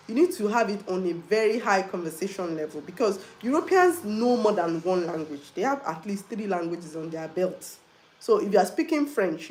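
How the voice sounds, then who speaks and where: A woman's voice: mid-range voice, darkish tone, reverberant. A Nigerian woman hosting a casual live question-and-answer stream, chatting directly with viewers and slipping in Yoruba and pidgin phrases. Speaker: livestream host.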